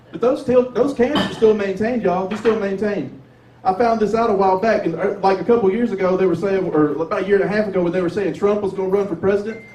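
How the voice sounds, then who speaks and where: A Southern man doing stand-up at an open mic, his voice high-pitched but dark and mellow in tone. He talks in a loose, drawling way and swears freely. He is heard from across an echoey bar, with a faint hum of the room behind him. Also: far from the mic. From Tennessee. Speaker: stand-up comedian. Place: sports bar with a light crowd. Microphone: 360 camera from across the room.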